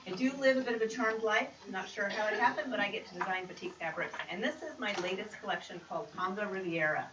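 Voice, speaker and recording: A woman's voice: mid-range voice, fast talker. Woman, chatty demonstration, upbeat, roomy studio sound. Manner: chatty, upbeat, teasing asides. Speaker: quilt pattern designer presenting. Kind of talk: casual demonstration. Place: creative center studio. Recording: roomy, distant, noisy room sound.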